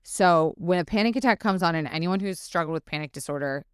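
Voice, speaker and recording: A woman with a lowish, smooth voice talks openly as a podcast guest, expressive and blunt, dropping curse words and acting out her inner voices. The sound is close and dry. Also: quick pace, no echo. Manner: frank and expressive, swears freely, acts out inner dialogue. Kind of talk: casual interview chat.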